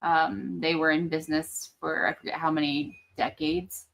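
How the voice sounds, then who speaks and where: A young woman with a slightly low voice chats on a livestream. She speaks hesitantly and fills her pauses with ums and likes. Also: little pitch movement, vocal fry, fairly bright tone. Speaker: livestream co-host. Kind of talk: casual livestream chat.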